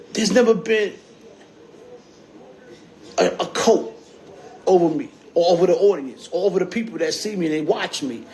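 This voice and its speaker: A livestream host with a high, somewhat dark voice chats casually in street slang, frequently adding "you heard?" at the end. It's a screen recording of the livestream captured on a phone.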